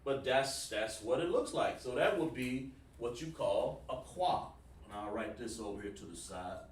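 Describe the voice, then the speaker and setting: A man's voice: medium pitch, animated, moderate pace, roomy sound, far from the mic, slight background noise. A man teaching a Hebrew class online, casual and repetitive, calling students by name. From South Carolina, USA. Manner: informal, repeats words, talks to students by name.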